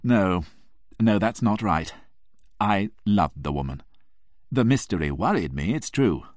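A very low-voiced man tells the story in the first person, reading with emotion. His pitch rises and falls widely. The recording is dry and close, with no room around it. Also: expressive, measured pace, a little mellow, dry recording. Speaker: narrator.

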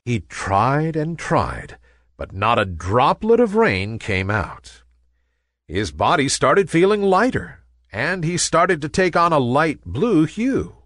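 A man's voice: on the high side, huge pitch swings, slow pace, fairly bright tone, no echo. A man reading a children's story, letting his voice rise and fall in wide, sing-song sweeps. He takes his time, and the recording is close and dry.

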